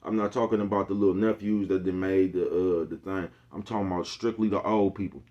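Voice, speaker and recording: A middle-aged man with a low, deep voice talks straight to his viewers. His delivery is laid-back and full of street slang. He keeps throwing in asides to his listeners as he goes. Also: fairly even intonation, brisk, a little mellow, muffled recording. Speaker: vlogger. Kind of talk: casual monologue to viewers.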